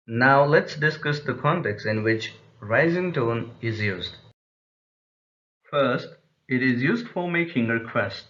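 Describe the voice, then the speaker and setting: Male language teacher, slow measured delivery, muffled lo-fi recording. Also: medium pitch, lively intonation, fairly bright tone. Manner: slow, deliberate explanation with repeated example phrases. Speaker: English teacher. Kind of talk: pronunciation lesson.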